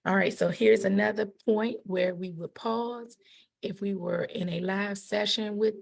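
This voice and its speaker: Woman, middle-aged, husky and gravelly, animated, encouraging teacher. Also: medium pitch, unhurried. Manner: animated, encouraging, acts out quotes. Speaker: educator presenting a puberty book. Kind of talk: teaching talk to parents and kids.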